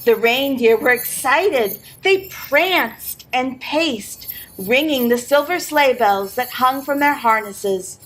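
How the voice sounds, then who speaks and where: A woman reading a picture book aloud in an expressive storytelling manner for a library program. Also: high voice, takes it slowly, hardly any pauses.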